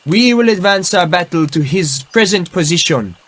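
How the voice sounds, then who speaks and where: A man's voice: animated, normal speed, fairly bright tone. A man voicing a proud, hot-tempered medieval French king who bellows orders at his troops. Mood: commanding. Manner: bellowing commands, raising pitch sharply.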